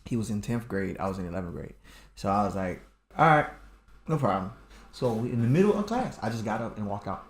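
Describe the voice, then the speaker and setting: A man's voice: on the low side, lively intonation, fast talker, a little mellow, reverberant. A man co-hosting a casual chat at home, laid-back and stumbling over his first words. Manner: laid-back, repeats words when starting. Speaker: podcast co-host.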